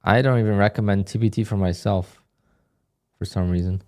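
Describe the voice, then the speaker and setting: Laid-back low-voiced trading streamer. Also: male voice, fairly quick. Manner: relaxed, reads chat questions aloud and answers offhand. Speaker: day-trading livestream host. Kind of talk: casual live-stream commentary.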